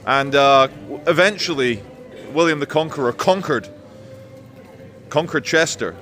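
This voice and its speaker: A man's voice: fairly high pitch, measured pace, bright, forceful tone, soft background music. A man hosting a walking tour of a city, outdoors, with sarcastic, crude jokes. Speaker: vlogger host. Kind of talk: casual walking tour commentary.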